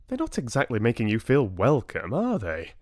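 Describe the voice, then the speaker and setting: A man's voice: mid-range voice, wildly swooping pitch, a little mellow, no echo, studio quality. A man voicing a frank, sceptical young woman friend with a British accent in an audiobook. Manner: brisk, forthright.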